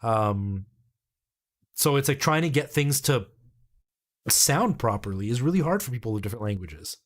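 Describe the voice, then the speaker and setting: A man's voice: mid-range voice, lively intonation, normal speed. A man in his thirties from Canada, chatting casually on a live stream and explaining things in a rambling way, with lots of ums and likes. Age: 30s.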